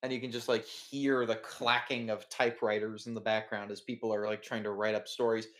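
A man's voice: lowish voice, level tone, a little fast. A man running a tabletop game as game master, describing scenes in a rambling way full of fillers.

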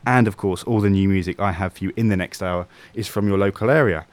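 A man's voice: low voice, quick pace, dry recording. A man hosting a local radio show, presenting in a casual, dry, self-deprecating way from a studio. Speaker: radio host.

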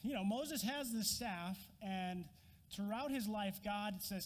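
A man preaching a sermon, an animated storyteller who acts out scenes with a prop. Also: high voice, a little slow, big-room sound. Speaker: pastor.

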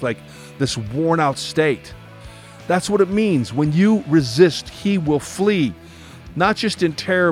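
A man giving an emphatic devotional teaching, acting out short voices in quick asides. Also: on the high side. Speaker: preacher.

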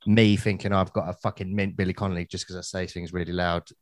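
A man chatting casually on a podcast, joking and swearing, often pausing with ums. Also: sits low, little pitch movement, no echo. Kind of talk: casual chat.

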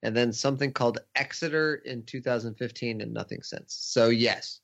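A man's voice: medium pitch, fairly even intonation, moderate pace, creaky, slight background noise. A man co-hosting a podcast, talking about a film with dry, sarcastic asides. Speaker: podcast co-host. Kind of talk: casual film discussion. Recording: dull lo-fi audio.

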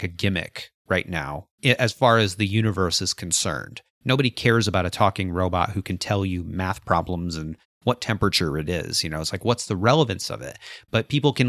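Low-voiced man retelling a story. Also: no room sound, clean studio sound. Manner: animated storyteller, acts out quotes. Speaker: podcast co-host. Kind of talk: casual book discussion.

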